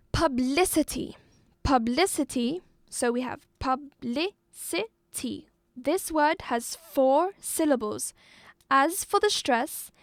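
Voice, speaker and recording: A woman with a high voice, from Algeria, teaches an English exam-review lesson at an unhurried pace. She repeats each word and spells it out carefully for her pupils. The sound is dry and close, with no room around it. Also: no echo. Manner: slow, deliberate, repeats and spells out words for pupils.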